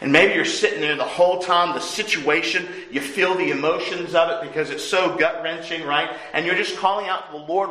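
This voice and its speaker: A man preaching a sermon, earnest, rising to loud emphasis and dropping to hushed lines. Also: fairly high pitch, expressive, normal speed, hardly any pauses, roomy sound, poor audio. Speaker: pastor.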